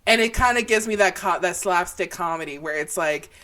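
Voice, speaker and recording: A woman's voice: fairly low pitch, fairly quick, fairly bright tone. A young woman co-hosting a podcast in casual chat, sassy and playful, swearing freely. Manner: sassy, playful, lots of short backchannels, swears. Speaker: podcast co-host.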